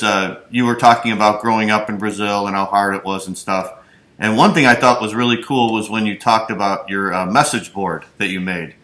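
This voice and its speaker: A man's voice: lowish voice, pushed and bright. A man hosting and conducting a casual interview, chatty and encouraging as he asks long questions. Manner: chatty, encouraging, many fillers. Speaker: host, interviewer. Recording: echoey room.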